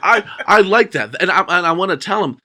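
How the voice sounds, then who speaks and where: A man's voice: high voice, fairly quick. A man co-hosting a podcast, chatting casually and acting out his exchanges with customers. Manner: animated storytelling, acts out customer exchanges. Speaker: podcast co-host. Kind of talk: casual chat.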